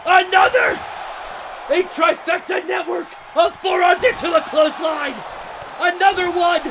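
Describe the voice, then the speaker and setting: Young male wrestling commentator, frantic shouty play-by-play, noisy venue. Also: extremely high pitch, steady tone, measured pace, gravelly. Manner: frantic, shouting, disbelieving outbursts. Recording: loud crowd and noisy venue. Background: cheering crowd.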